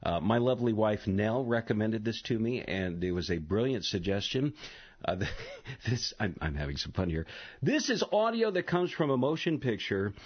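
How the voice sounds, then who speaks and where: Brief: husky male talk radio host, animated pitch, chatty with lots of ums, dull lo-fi broadcast sound. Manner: chatty, halting with many fillers. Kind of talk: live call-in radio talk.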